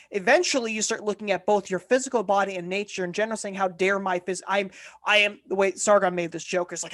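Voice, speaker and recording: A woman co-hosting a political discussion podcast, talking in an impassioned, argumentative way and often restarting her sentences. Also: medium pitch. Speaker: podcast co-host.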